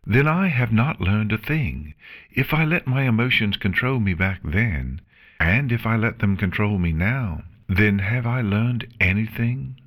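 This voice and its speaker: Earnest, formal pony princess of the night, read by a man lifting his pitch. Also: expressive, measured pace, fairly bright tone. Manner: formal, earnest, emotional speech. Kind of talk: fan fiction reading.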